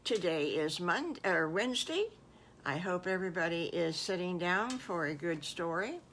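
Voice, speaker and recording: An older woman telling an improvised children's story in a folksy, animated way, with asides to her listeners. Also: fairly low pitch, moderate pace, a little hiss or hum. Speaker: storyteller grandmother.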